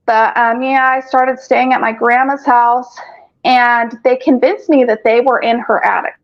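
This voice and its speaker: A woman with a fairly high voice tells her story in casual chat on a group video call, speaking flatly at a measured pace. She rambles, curses often and fills gaps with "um", and the call audio is lo-fi.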